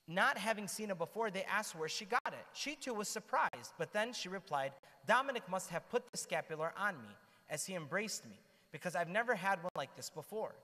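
A man telling the lives of saints to a church group in an animated storytelling manner, with asides to his listeners. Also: sits high. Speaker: church speaker. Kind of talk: storytelling talk to a youth group. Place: church hall. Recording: long hall reverb.

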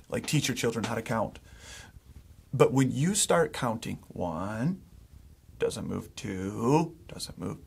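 A man's voice: mid-range voice, gravelly, husky. A middle-aged man, a pastor, preaching a sermon in a casual, conversational way, often restarting his sentences and acting out what parents say.

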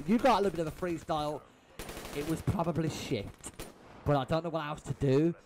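A man's voice: on the high side, fairly quick, a little hiss or hum. A young man giving exasperated, swearing commentary over his own match replay. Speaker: gaming YouTuber. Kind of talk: profane gameplay commentary rant. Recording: game gunfire loud behind voice. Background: game gunfire and shots.

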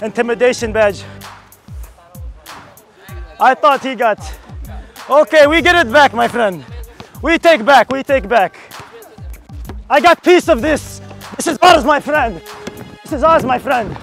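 A very high, hyped-up baller with a put-on Arabic-flavored accent, as a young man plays the character, calling everyone "my friend" in broken English. He trash-talks loudly while playing on an outdoor basketball court, and faint music runs underneath. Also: animated, unhurried, long pauses, full character voice. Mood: boastful. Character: boastful Arab baller tourist, man, young adult. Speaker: YouTuber.

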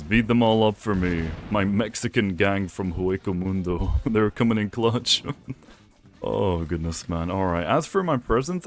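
A young man giving excitable gameplay commentary, talking to himself and laughing often. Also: lowish voice. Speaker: gaming YouTuber.

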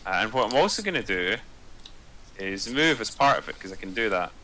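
Male player, lowish bright voice, hesitant thinker, light hiss on the line. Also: animated, low-quality recording. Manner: halting, thinks aloud while deciding moves. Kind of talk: casual chat, tabletop game play.

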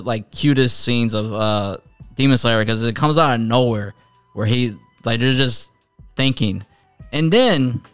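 A man hosting a casual episode review, retelling what happens on screen in a loose, rambling way full of fillers and restarts. His voice sits at an ordinary middle pitch. The sound is close and dry, with a faint bed of music underneath. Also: smooth, no room sound. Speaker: anime reviewer, channel host.

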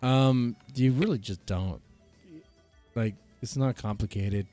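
A man's voice: mid-range voice, takes it slowly, warm tone, faint music behind. A man streaming and reacting to a video clip, commenting in a laid-back, sarcastic way.

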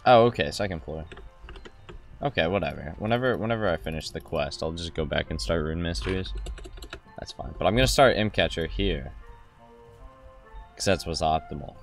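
A man's voice: low voice, moderate pace, long pauses, soft background music. A young man hosting a gameplay video, rambling and joking as he plays and acts out snippets of dialogue. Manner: jokey, rambling, with mock-dialogue asides. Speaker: gaming video host.

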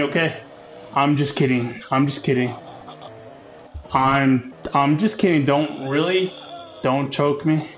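A man's voice: mid-range voice, fairly even intonation, unhurried, a little hiss or hum, low-quality recording. A man commentating as he plays a horror game, joking and teasing the game, with jumpy outbursts. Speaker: gaming channel host.

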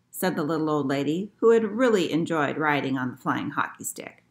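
A woman librarian reading a picture book aloud to children in an expressive storytelling manner. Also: low-pitched, brisk.

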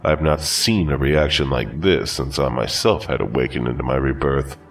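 A man voicing a calm, formal ancient demon-bound master who speaks in a measured way. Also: a bass voice, distant mic.

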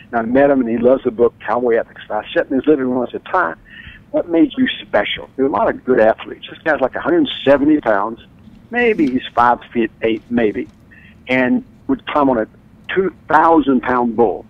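Animated storytelling man on a tinny line. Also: moderate pace, vocal fry, no echo. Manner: enthusiastic storyteller, acts out quotes with big pitch jumps. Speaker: author and guest. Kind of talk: animated radio interview storytelling. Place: radio studio or phone line. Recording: dry tinny phone-line sound.

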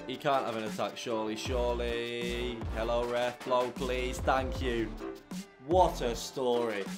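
A young man commentating his own football video game, swinging from muttered grumbles to shouted celebration. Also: mid-range voice, steady tone, unhurried, soft background music. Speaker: gaming YouTuber. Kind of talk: live gameplay commentary.

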